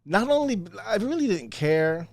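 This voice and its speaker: A man casually telling a story on a podcast, animated and profane, acting out what people said. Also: sits high, moderate pace, no room sound, clean studio sound. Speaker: podcast guest.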